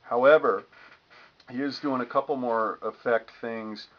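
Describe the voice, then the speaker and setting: Man, guitar teacher, casual lesson, mid-pitched voice, muffled lo-fi sound, guitar strumming behind. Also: moderate pace. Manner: relaxed, demonstrative, hums strum rhythms. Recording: lo-fi with guitar playing.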